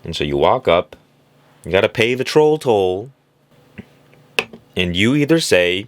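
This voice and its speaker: A man's voice: on the low side, big pitch swings, unhurried, pauses often. A man giving a reflective motivational monologue, illustrating his points with little stories and acted-out voices. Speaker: self-help speaker.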